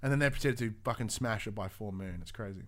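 A young adult man, co-hosting a casual gaming news podcast in an animated, swearing, restart-filled way. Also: lowish voice, fast. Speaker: podcast co-host.

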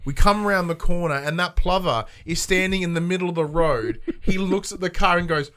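An Australian man chats on his podcast from a home studio. He tells stories in an animated, swearing-heavy way. His voice sits a little higher than most men's. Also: brisk. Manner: animated storyteller, swears freely. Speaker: podcast host. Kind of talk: casual chat. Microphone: headphones and studio mic.

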